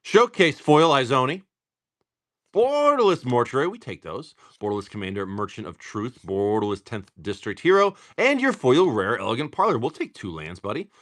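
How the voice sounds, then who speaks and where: Opening card packs on a livestream, this middle-aged host rambles, tells stories, and swears in a chatty way. His medium-pitched voice is sing-song and fairly bright, at a moderate pace.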